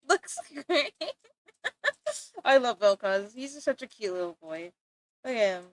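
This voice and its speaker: Giggly high-voiced woman streamer. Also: very animated, takes it slowly, no echo. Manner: giggly, playful, exaggerated complaints. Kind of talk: casual live-stream chat while drawing.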